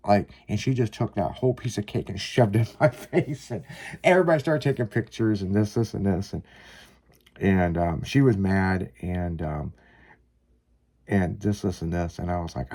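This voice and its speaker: A man's voice: sits low, moderate pace, mellow. A man casually telling a long personal story, rambling with lots of fillers and some swearing. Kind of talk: casual chat, personal anecdote.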